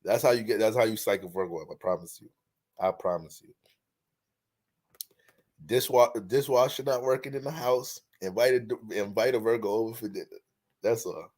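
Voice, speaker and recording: A man giving casual astrology commentary in an animated way, joking, swearing freely and laughing often. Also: lowish voice, normal speed, long pauses.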